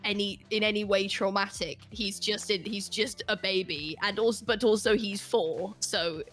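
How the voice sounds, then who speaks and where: A woman in casual chat, animated and laughing as she acts out people in her stories. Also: medium pitch, normal speed, faint music behind. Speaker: guest.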